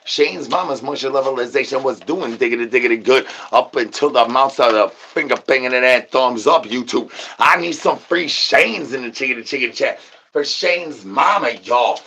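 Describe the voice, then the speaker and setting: Husky dude doing a wild nonsense comedy rant, rhymey slang, repeats words over n over. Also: male voice, mid-range voice, normal speed. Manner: rhyming nonsense slang, stuttered word repeats; shouts out catchphrases. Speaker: comedy channel host. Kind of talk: absurd improvised comedy rant.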